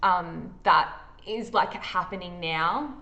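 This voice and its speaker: An Australian-accented woman serves as game master in a horror tabletop game, vividly setting the scene while halting often with fillers. Her voice is on the low side, pushed and bright, and the recording sounds lo-fi.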